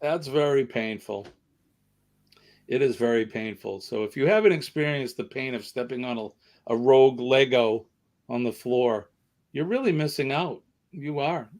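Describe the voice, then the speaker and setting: A middle-aged livestream host with a Boston accent runs a casual live chat, rambling and poking fun at himself. His voice is medium-pitched and darkish, at a moderate pace.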